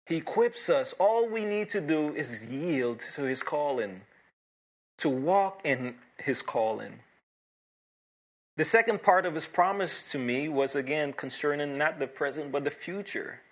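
A man preaching a sermon as pastor, earnest and emphatic, with dramatic pauses and repeated key phrases. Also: on the high side, expressive.

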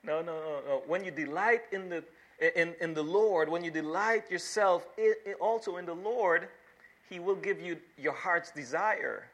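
Bright-voiced man preaching a sermon. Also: high voice, normal speed. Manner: preaching with rising emphasis, repeats words. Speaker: pastor.

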